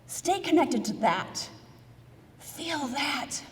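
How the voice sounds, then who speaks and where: Standing before an audience in a large, reverberant hall, an American keynote speaker with a high-sitting, slightly slow voice shares a story with lots of energy. She also asks the crowd questions and gives them instructions to follow.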